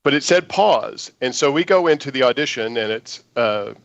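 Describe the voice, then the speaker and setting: A man, an actor guest, telling an animated audition story in an interview and acting out the lines he quotes. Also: mid-range voice, normal speed, no echo, highs cut off.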